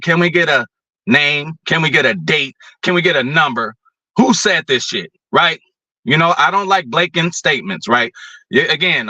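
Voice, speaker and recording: A man hosting a show, ranting about football in a blunt, profane, animated way. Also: on the high side, no room sound. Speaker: podcast host. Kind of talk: casual opinion rant.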